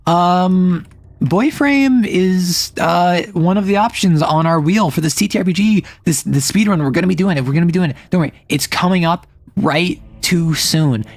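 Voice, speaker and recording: A young adult livestreamer chatting casually at home, rambling with fillers and self-corrections. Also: mid-range voice. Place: home room with roommates nearby.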